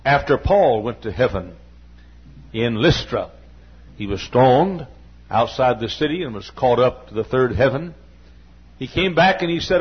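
A man's voice: mid-range voice, animated, unhurried, pauses often, husky. An older man preaching a sermon, telling stories in quoted dialogue and building to fervent emphasis. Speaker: pastor. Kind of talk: sermon storytelling. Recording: dull lo-fi sermon recording.

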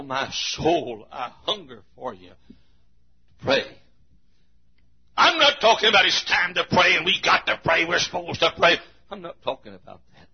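A pastor preaching a sermon, swinging from loud shouted passages to quiet, intimate talk. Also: male voice, fairly high pitch, husky, dull audio.

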